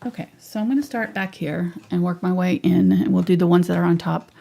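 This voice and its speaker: A woman's voice: on the low side, fairly even intonation, a little fast, vocal fry, warm tone. A woman teaching a live painting tutorial in a chatty way, thinking aloud and sometimes whispering to herself. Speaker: painting instructor.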